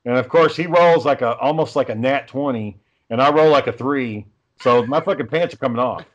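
A man's voice: mid-range voice, fairly quick. Profane storytelling man, dull lo-fi sound. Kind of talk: casual chat.

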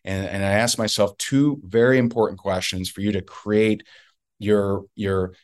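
A man's voice: lowish voice, steady tone, unhurried. A man being interviewed as a guest, telling a story emphatically and repeating points for effect. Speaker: guest, network marketer.

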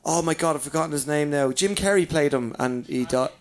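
A man's voice: on the high side, a little fast. A man, a comedian telling stories in a casual chat, swearing freely and acting out the people in his tales. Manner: swears freely, animated storyteller acting out voices. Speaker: comedian guest. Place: downstairs in a pub.

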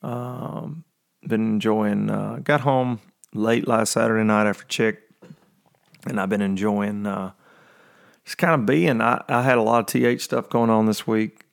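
Gravelly-voiced man, rambling morning chat. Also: lowish voice, steady tone, unhurried. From Tennessee. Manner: rambling, joking, many fillers. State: early morning voice. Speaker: podcast host. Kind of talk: casual chat.

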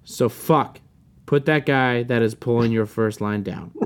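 A man's voice: mid-range voice, unhurried, clear, resonant tone. A man hosting a casual podcast, ranting with lots of swearing. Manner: profane, animated ranting. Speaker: podcast host. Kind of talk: casual chat.

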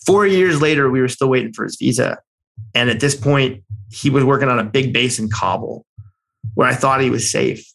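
A man from the United States, a military veteran, tells a personal war story in an animated, conversational way, blunt and casually swearing, with frequent restarts. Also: mid-range voice, moderate pace, creaky, rough recording. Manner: animated, excited storytelling with many restarts and fillers.

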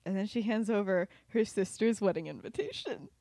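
A woman's voice: medium pitch, brisk, creaky, warm tone, dry recording, studio quality. Giggly young woman telling a story. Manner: giggly, lots of fillers and restarts. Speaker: podcast host. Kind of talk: casual storytelling.

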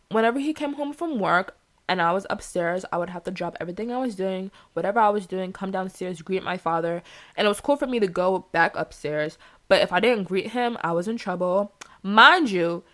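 A young woman hosting a solo podcast, speaking bluntly and heatedly and swearing freely in a candid monologue. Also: lowish voice. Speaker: podcast host.

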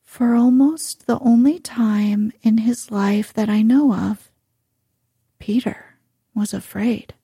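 Very slow, breathy woman reading a bedtime story. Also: a little high, steady tone, no echo, clean studio sound. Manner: soft, hushed, drawn-out delivery.

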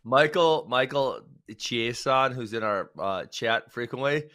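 A man's voice: medium pitch, unhurried, fairly bright tone, dry recording. A man co-hosting a talk show, chatting loosely and laughing easily. His voice sits in a middle register. The sound is dry and close, with no room around it. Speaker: co-host of a wrestling show. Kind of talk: casual chat.

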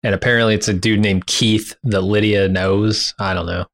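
A man's voice: on the low side, steady tone, normal speed, fairly bright tone. A man co-hosting a podcast, casually summarizing plot points in a plain, blunt way. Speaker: podcast co-host. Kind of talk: casual TV recap chat.

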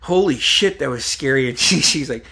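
Gravelly-voiced man for a casual podcast chat, rambling, profane storyteller. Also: mid-range voice, normal speed. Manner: profane, rambling, lively anecdotal delivery.

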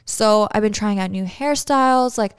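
A woman's voice: mid-range voice, moderate pace, clean tone, no echo, studio quality. A young woman from Canada, co-hosting a podcast in casual, candid chat and telling stories with acted-out quotes. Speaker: podcast co-host.

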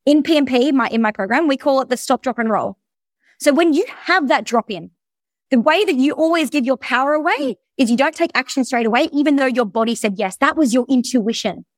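A woman coaching in a presentation, talking at a quick clip in a high voice. She is blunt and energetic and swears freely. The sound is dry and close. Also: no room sound. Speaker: business coach. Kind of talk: recorded presentation.

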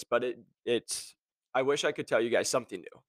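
A man's voice: mid-range voice, fast talker, a bit bright, dry recording. A man hosting a podcast, talking in a blunt, sarcastic rant to his listeners. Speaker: podcast host. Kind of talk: casual monologue.

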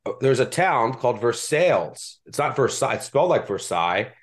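This Delaware County, Pennsylvania podcast host speaks in a mid-range voice, very animated and quick. He chats about sports betting with a self-deprecating streak and a Philly-area Delco accent.

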